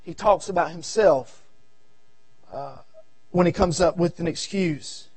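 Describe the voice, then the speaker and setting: A man with a Southern American accent preaching a revival sermon, swinging from shouted appeals to low murmurs and repeating his phrases. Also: measured pace, husky, no room sound, faint music behind. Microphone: audio recording of a church service.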